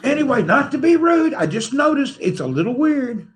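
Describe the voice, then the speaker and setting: High-voiced joking male livestreamer. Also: big pitch swings, normal speed. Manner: teasing, playful, laughs often. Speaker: livestream host. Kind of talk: rambling joking livestream chat.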